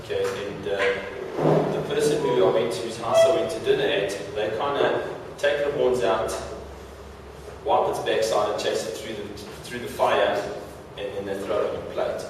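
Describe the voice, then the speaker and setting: A man's voice: on the low side, steady tone, moderate pace, noisy background. A man giving a playful motivational talk to a live audience, joking and stumbling over repeated words. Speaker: motivational speaker. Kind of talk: stage talk with audience interaction. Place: large hall before an audience. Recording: echoey hall, mic far off.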